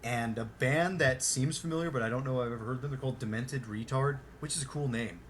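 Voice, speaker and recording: A male podcast host talking loosely in an everyday voice of ordinary pitch. He rambles, restarts and swears freely. A faint hiss of noise sits under the voice. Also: fairly quick, a bit bright. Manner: rambling, profane, heavy on fillers. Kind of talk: casual podcast chat.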